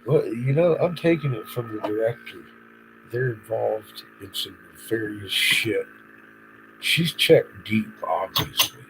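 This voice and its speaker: A man's voice: fairly low pitch, a little slow, gravelly, a bit bright, slight background noise, rough recording. A man live-streaming an unscripted monologue, agitated, swearing and rambling. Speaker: livestreamer.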